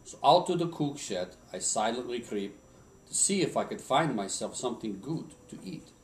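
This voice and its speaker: A man's voice: medium pitch, expressive, moderate pace, slight background noise, close to an everyday voice. A man putting on a mock Swedish accent to voice a tipsy old lumberjack, reciting a Christmas poem in a sing-song, chuckling way. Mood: jolly. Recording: roomy home recording from a distance.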